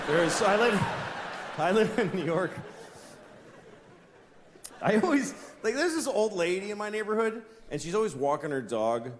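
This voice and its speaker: A man's voice: mid-range voice, a little hiss or hum. A man doing stand-up comedy, telling a wry, exaggerated story on a club stage. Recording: roomy live club recording with audience. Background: audience laughter.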